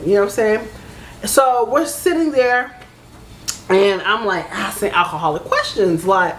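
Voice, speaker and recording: A young woman vlogger telling a casual storytime, animated, swearing freely and acting out both sides of an argument. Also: medium pitch, moderate pace, a little hiss or hum. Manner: animated, swears freely, keeps saying "baby" and "right?", acts out both sides of a fight.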